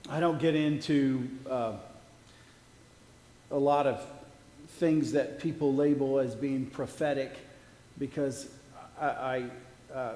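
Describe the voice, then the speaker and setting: Man, church member chiming in, plain and earnest, slightly higher voice; roomy hall reverb. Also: a little mellow. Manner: affirming with frequent amens, then explaining plainly. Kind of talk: casual church sharing.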